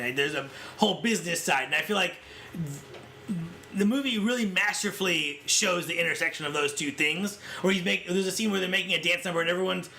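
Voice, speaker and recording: A man's voice: high-pitched, brisk, a little hiss or hum. A man co-hosting a casual film-discussion podcast, talking animatedly and acting out scenes. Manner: animated, acts out scenes in quotes. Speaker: podcast co-host.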